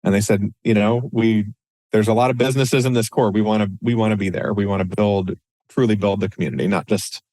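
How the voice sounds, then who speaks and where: A man co-hosting a casual podcast chat, talking in a loose, conversational way and often restarting his sentences. His voice sits low, and the recording is dry and close. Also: steady tone, brisk, a little mellow, no room sound. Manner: conversational, many restarts and "you know"s. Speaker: podcast co-host.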